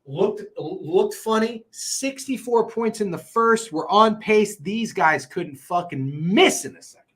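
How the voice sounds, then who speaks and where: A man hosting a sports betting show, talking in an excitable, profane, rambling way. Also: high-pitched, slow pace, husky. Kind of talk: casual sports betting chat.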